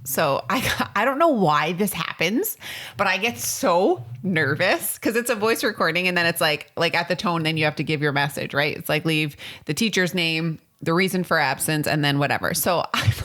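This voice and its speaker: A woman with a fairly low voice chats casually as a podcast co-host. She tells stories with animated ups and downs and laughs often as she talks. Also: normal speed. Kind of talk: casual chat.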